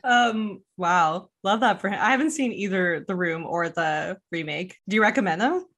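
A woman's voice: mid-range voice, animated, normal speed, fairly bright tone. Chatty woman podcast host. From Quebec. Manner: chatty, laughs often, lots of likes. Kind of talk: casual chat.

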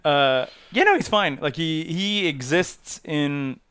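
A man talking casually about movies, animated, laughing often and acting out lines from the films. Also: a little high, slow, clean tone. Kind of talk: casual chat.

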